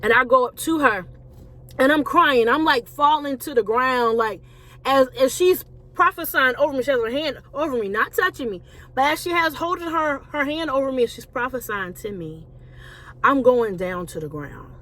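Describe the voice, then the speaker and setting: A woman's voice: high-pitched, lively intonation, moderate pace, a bit bright. A woman, a Christian life coach and author, telling her personal story to viewers in a conversational way, calling them y'all.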